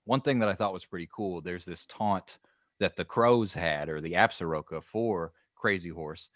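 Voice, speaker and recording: Deep-voiced man rambling through history. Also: normal speed, a bit bright, dry recording, studio quality. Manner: rambling, joking, many restarts. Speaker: podcast co-host. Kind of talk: casual history podcast chat.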